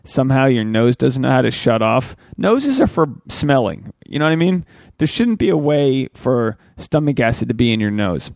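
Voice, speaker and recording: A man in his thirties hosting a solo podcast, rambling crude stories in a loose, animated way with sudden jumps up in pitch. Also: moderate pace, vocal fry, dry recording, clean studio sound. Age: 30s. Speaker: podcast host.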